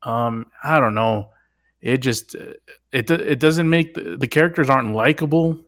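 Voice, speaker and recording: A man's voice: mid-range voice, moderate pace, fairly bright tone. A man co-hosting a podcast who speaks hesitantly, stammering and restarting while giving his opinion on a TV show. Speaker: podcast co-host. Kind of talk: casual show recap chat.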